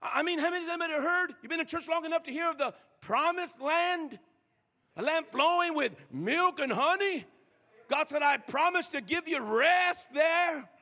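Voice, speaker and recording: A male pastor preaching a sermon in a church, swinging from loud shouts down to hushed whispers. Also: very high-pitched. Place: church sanctuary. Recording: long reverb of a large hall.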